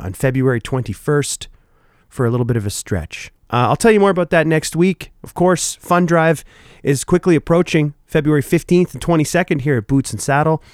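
A younger man hosting a country music radio show, chatting in a relaxed, folksy way with filler words. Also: medium pitch, no echo, clean studio sound. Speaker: radio host. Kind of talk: casual radio show chat.

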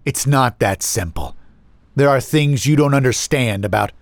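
A man voicing a cold, mocking older brother who speaks flatly and with menace. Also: medium pitch, normal speed, no echo, pitched above the performer's own voice, close to an everyday voice.

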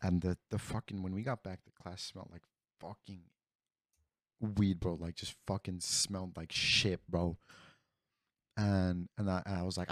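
A man's voice: low-pitched, moderate pace, a little mellow, dry recording, clean studio sound. A young man telling a rambling, profane story in casual talk with friends, peppering it with "bro". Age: young adult.

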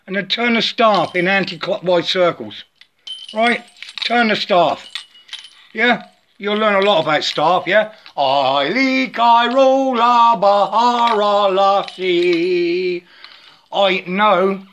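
A man with a high, sharp-toned voice rambles through a spiritual monologue over the phone. He chants wordless syllables, stammers and repeats words often, and ends his sentences with "yeah?"

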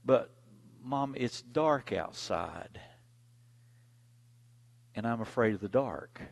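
A man's voice: mid-range voice, lively intonation, slow pace, gravelly, heavily acted. A man voicing a frightened little girl who pleads hesitantly with her mother. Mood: scared.

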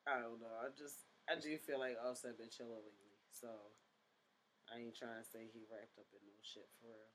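Bright-voiced laid-back podcast host guy. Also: mid-range voice, flat delivery, brisk, a little hiss or hum. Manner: laid-back, rambling, profane. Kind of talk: casual chat.

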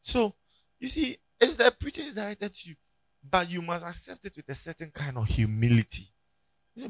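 A Ghanaian man preaching a sermon in church, telling stories and rising to loud emphatic peaks. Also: fairly high pitch, no echo. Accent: Ghanaian English. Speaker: pastor. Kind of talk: sermon with anecdotes.

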